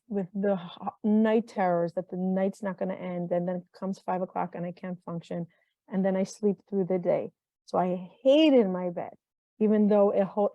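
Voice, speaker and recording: A middle-aged woman with a mid-range voice, a mental health consultant, is the guest in a thoughtful interview. She speaks earnestly and warmly, frequently repeating herself and starting phrases over. The audio sounds dull and dry, free of echo.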